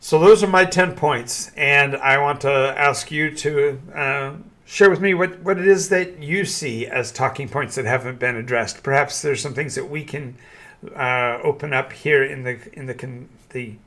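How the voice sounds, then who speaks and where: An older man hosting his own channel, a veteran game master giving opinions in a halting monologue with frequent restarts. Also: medium pitch, steady tone, a bit bright. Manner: halting, many restarts and fillers.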